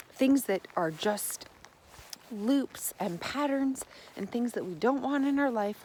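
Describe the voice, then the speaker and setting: A woman giving a motivational self-help monologue. She is gentle and encouraging and often repeats her phrases. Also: fairly high pitch, a little hiss or hum.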